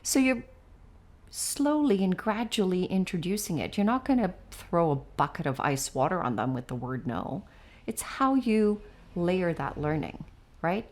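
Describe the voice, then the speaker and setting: A woman with a slightly low voice talks as an educator on a casual podcast. She explains things patiently, one step at a time, and keeps checking in with a quick "right?" When she gets to her examples she turns playful and lively.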